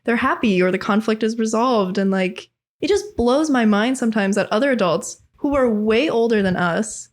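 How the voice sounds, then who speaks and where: A woman's voice: fairly high pitch, lively intonation, moderate pace. A young adult woman chatting as a podcast guest, candid and casual, swearing now and then with many fillers of "like". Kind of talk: casual chat.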